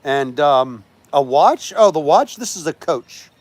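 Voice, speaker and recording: A man's voice: fairly high pitch, lively intonation, a little slow, dry recording. A middle-aged man from the United States hosting a casual livestream, chatting and answering viewer comments as they come in. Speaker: livestream host.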